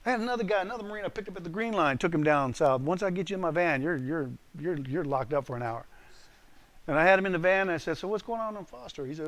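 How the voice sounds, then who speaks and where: A male pastor delivers a sermon in an animated storytelling style, with a voice pitched a little above the usual man's. He keeps turning to the listeners to quiz them. He leans hard on his key points. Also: fast talker. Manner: emphatic, punches key lines. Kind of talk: sermon to a live group.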